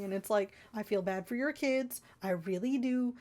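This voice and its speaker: A woman with a somewhat high-pitched voice talks straight to her viewers in a vlog. She rants in an exasperated, rambling way, circling back over her points. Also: moderate pace, hardly any pauses, dark tone. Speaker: vlogger. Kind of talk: ranting consumer-warning vlog.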